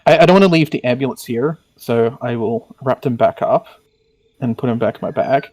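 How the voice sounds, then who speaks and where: A man's voice: mid-range voice, fairly quick, darkish tone, no room sound, rough recording. A man playing a tabletop game over voice chat, talking hesitantly with restarts and frequent laughs. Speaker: player.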